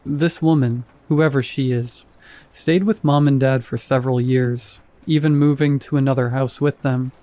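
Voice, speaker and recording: A man's voice: medium pitch, fairly even intonation, normal speed, dark tone, lightly acted. A man reading the lines of a curious adult woman, the narrator's sister, in plain, practical questions.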